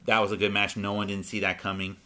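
A man hosting a casual chat about wrestling, talking in halting bursts with many pauses and restarts. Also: on the low side, completely flat delivery, sharp tone. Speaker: podcast host.

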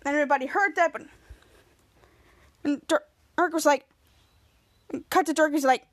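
Very high-voiced woman recapping a show. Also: normal speed, pauses often. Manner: rambling, with many restarts. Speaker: podcast host. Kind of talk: casual episode recap.

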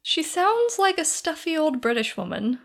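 A woman's voice: high voice, sing-song, moderate pace, vocal fry, fairly bright tone. A woman co-hosting a podcast, recapping plot casually with dry asides. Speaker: podcast co-host. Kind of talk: casual chat.

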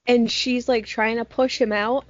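A young woman chatting casually with friends and telling an animated story, swearing freely. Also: on the high side, a little slow, no echo. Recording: muffled lo-fi sound, dry.

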